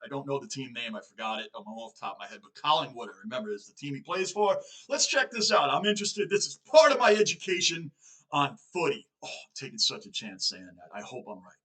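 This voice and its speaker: A man with a New York accent, chatting casually as he hosts a reaction video, excitable and full of self-questioning asides. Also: medium pitch, quick pace, poor audio. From Northeastern United States.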